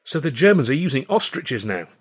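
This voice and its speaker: A man reading the lines of a friendly, long-suffering old company manager in a storybook, brisk and chummy. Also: mid-range voice, big pitch swings, slightly rough, voice pushed up. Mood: weary. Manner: brisk and chummy, sighing at the boss.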